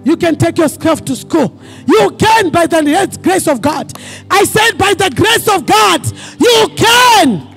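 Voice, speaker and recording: A pastor preaching a sermon to his congregation, asking them questions for call-and-response and often breaking into fervent shouting. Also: extremely high pitch, expressive, takes it slowly, vocal fry, soft background music. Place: church service.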